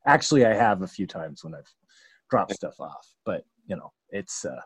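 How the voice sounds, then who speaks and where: A man with a low, husky, sing-song voice hosts a casual podcast, interviewing a musician at a moderate pace. He's chatty and meandering, filling his talk with lots of fillers, and the recording is dry with no echo.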